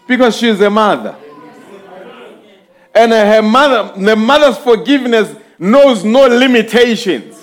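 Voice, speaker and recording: A man preaching a sermon in slow, emphatic swells, speaking directly to his congregation. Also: high-pitched.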